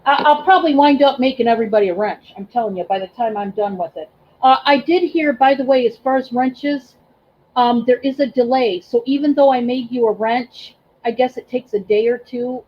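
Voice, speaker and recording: This livestream host and reseller has a high voice, recorded with the highs cut off. She's emotional and effusive in her casual stream, thanking viewers by name while stumbling through plenty of ums and restarts.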